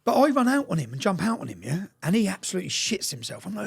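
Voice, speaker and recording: A man telling a story in an interview, talking fast, swearing and repeating words, often asking "yeah?". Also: sits high, big pitch swings, creaky, husky. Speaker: interview guest.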